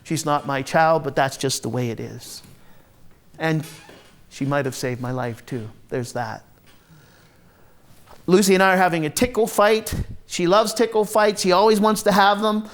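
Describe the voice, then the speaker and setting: A man with a slightly high-set voice tells his own story on a theatre stage. His delivery is wry and confessional, plainspoken and salted with swearing. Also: normal speed, pauses often. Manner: wry, confessional, blunt and profane. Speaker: solo stage performer. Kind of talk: autobiographical one-man show monologue.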